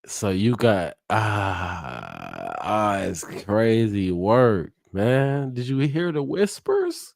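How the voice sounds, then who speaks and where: A hyped, chatty man running a live reaction stream, his voice sitting fairly low. He laughs often and swears freely as he talks to his viewers. The sound is dry and close, with no room echo. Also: wildly swooping pitch, drawn-out words, creaky. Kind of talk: casual live reaction commentary.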